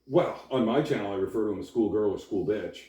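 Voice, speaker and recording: Blunt, mellow-voiced man in an echoey room. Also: on the low side, fast talker. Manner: blunt, brash joking. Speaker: guest. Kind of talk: casual chat. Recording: echoey room, distant mic.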